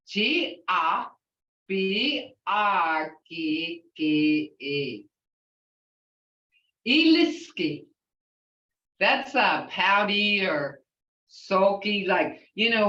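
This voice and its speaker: An older woman teaches a language class at an unhurried pace, breaking words into syllables between chatty asides. Her voice comes from some way off the mic in a roomy space, with a dull tone. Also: mid-range voice, fairly bright tone. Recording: echoey, distant, dull sound.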